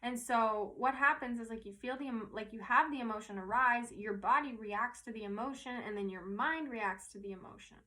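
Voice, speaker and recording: A woman's voice: a little high, a little fast, few pauses, sharp tone. A woman giving a casual, earnest spiritual talk to her viewers, rambling a little, tagging "right?" onto her thoughts and swearing now and then. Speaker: spiritual teacher and intuitive reader.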